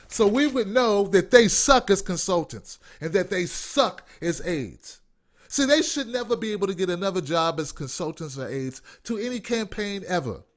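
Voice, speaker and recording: Animated, profane man from D.C. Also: high voice. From Washington, D.C. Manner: profane, blunt, mocking, no filter; reads viewer comments aloud. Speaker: host. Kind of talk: live call-in commentary show.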